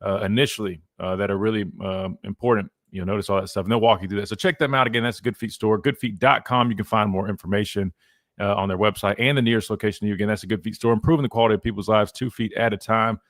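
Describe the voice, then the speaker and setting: A man's voice: lowish voice, fairly even intonation, fast talker, fairly bright tone, dry recording. Brief: thirties male sports radio host, loose and chatty, dry close studio sound. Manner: laid-back, rambling, lots of "man". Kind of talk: casual sports talk. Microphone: studio mic.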